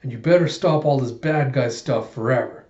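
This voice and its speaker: A man voicing a small girl acting tough, delivering a slow, deliberate warning, recorded in an echoey room with dull sound. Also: medium pitch, darkish tone, natural voice. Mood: stern.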